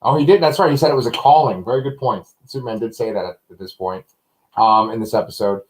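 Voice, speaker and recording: A man in his late thirties casually hosting a live TV review chat, animated and laughing often. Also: fast, poor audio. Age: 30s. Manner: animated, laughs a lot, mimics lines in a high voice. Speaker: host.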